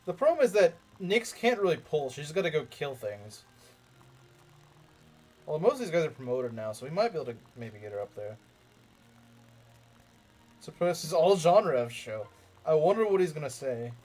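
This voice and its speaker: A man's voice: fairly high pitch, big pitch swings, normal speed, long pauses, a little mellow. A young man commenting casually on a strategy game as he plays, rambling, repeating himself and making jokey asides to his chat. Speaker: let's play streamer.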